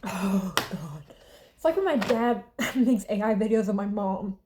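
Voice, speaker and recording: Over a noisy background, a woman of twenty-one from the Southern United States eats and chats in an unhurried mid-range voice. A vlogger, she is blunt and casual, swears freely and punctuates her talk with laughs and sighs.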